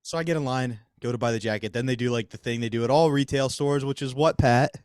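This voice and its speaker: A man's voice: medium pitch, fast, a little mellow, clean tone, no room sound, clean studio sound. A man co-hosting a comedy podcast, telling a long story in casual, profane banter. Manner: profane, joking, acts out others in his stories. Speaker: podcast co-host.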